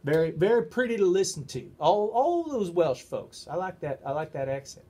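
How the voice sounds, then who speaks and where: Deadpan co-host with a higher voice. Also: male voice, moderate pace, breathy edge. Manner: deadpan, dry quips. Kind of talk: casual livestream chat.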